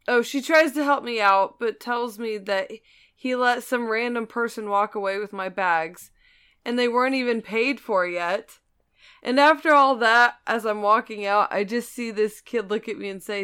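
Slow, smooth-voiced woman telling a story. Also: fairly high pitch, bright, forceful tone. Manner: laughs through her own stories. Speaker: storyteller and co-host. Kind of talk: casual storytelling chat.

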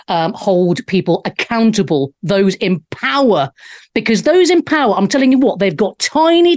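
A woman from England hosting a live talk show, brash, jokey and outspoken in her monologue. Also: mid-range voice.

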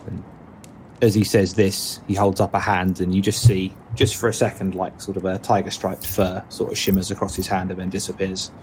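A man's voice: low-pitched, level tone, normal speed, a little mellow, slight background noise. A man narrating his character in a tabletop role-play, rambling and hedging with many restarts. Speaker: player.

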